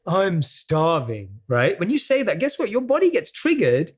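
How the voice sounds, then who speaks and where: A man's voice: very high voice, wildly swooping pitch, a little fast, breathy edge. A man with a British accent, talking earnestly in a conversational interview and explaining self-care ideas step by step. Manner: earnest, explanatory, acts out quoted self-talk. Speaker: guest coach. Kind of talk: conversational self-help talk.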